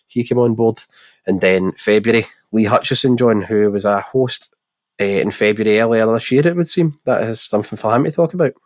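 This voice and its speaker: Nasal Scottish podcast co-host. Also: male voice, on the low side, fairly quick, dry recording. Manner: jokey, rambling, laughs often. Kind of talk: casual podcast chat.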